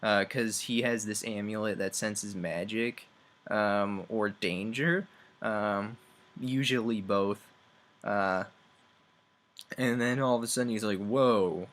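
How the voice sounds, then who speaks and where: A man's voice: lowish voice, fairly bright tone. Rambling sarcastic young man reviewing a game. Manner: rambling, sarcastic, acts out characters in quick voices. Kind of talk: casual comedic game review.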